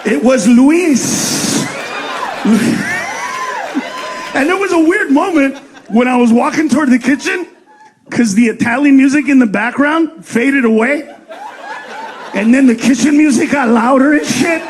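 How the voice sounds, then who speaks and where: Male stand-up comic, high voice, brash and profane, quick character bits, faint hiss behind. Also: some chatter behind. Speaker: stand-up comedian. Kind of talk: stand-up comedy set. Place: comedy club stage before a laughing audience.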